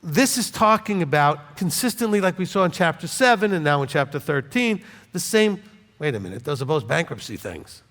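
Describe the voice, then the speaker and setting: A male rabbi preaching in a blunt, chatty way, often checking in with his listeners. His voice sits high and swings widely up and down. It carries a long reverb, as if from a hall. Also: very animated, brisk, fairly bright tone. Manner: blunt, conversational, jokes and asks "okay?" often. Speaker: rabbi teaching scripture. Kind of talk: informal sermon teaching.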